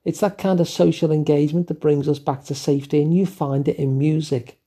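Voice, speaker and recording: An older man with an English accent, talking gently and thoughtfully as host of his own show, musing with asides. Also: fairly high pitch, steady tone, brisk, breathy edge. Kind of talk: reflective solo talk.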